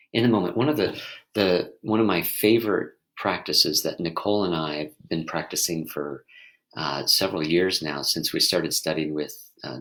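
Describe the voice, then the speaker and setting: A man talking gently as a mindfulness teacher, leading listeners through a reflective exercise and often restarting his sentences as he searches for words. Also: deep voice, rough recording. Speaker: mindfulness teacher and podcast host.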